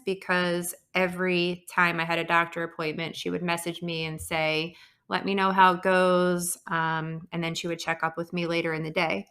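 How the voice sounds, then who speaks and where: Earnest woman podcast host, bright voice. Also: lowish voice. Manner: earnest, reflective, frequent "um" pauses. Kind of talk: personal storytelling monologue.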